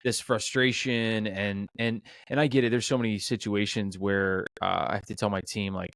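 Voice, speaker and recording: A man's voice: lowish voice, steady tone, normal speed, vocal fry, fairly bright tone. A man hosting a casual podcast interview, talking reflectively with many restarts. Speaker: podcast host.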